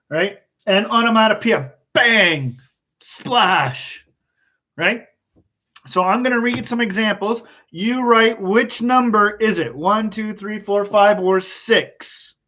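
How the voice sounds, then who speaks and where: A male English teacher giving an online class, explaining slowly and patiently and chuckling often. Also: high-pitched, bright, forceful tone.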